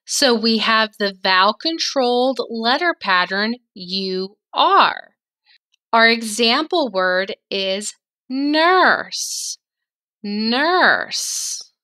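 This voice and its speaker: A woman teaching a phonics lesson to young children, enunciating slowly and drawing out each sound. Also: a little high, sharp tone. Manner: slow, clearly enunciated, drawn-out sounds.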